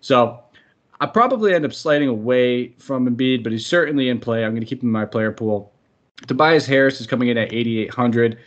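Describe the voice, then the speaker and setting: A man's voice: medium pitch, a little fast, highs cut off. A man hosting a podcast, upbeat and chatty, running through sports analysis and sometimes tripping over names. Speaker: podcast host.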